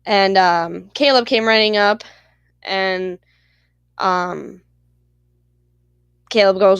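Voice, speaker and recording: A woman's voice: medium pitch, very slow, pauses often, fairly bright tone, clear, resonant tone, dry recording. A woman hosting her own channel, telling a story in a rambling, profane, heated way. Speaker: channel host. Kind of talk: casual storytelling vlog.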